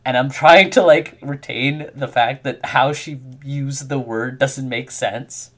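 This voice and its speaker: A man's voice: mid-range voice, slow pace. Chatty man telling stories while coding. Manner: animated storyteller who acts out quotes. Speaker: game developer streaming his work. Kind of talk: casual chat while coding.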